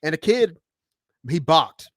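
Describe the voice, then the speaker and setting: A man's voice: on the high side, slow pace, no room sound, clean studio sound. A man in his thirties, a podcast co-host and umpire, telling stories in casual chat and acting out quoted voices. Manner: storytelling, animated quoted voices.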